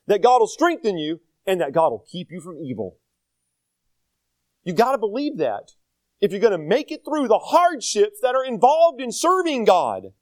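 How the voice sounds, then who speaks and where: An older man preaches in a high voice that swoops up and down. His folksy, self-deprecating sermon is full of rhetorical questions, and the sound is close and dry. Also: no room sound. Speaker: pastor.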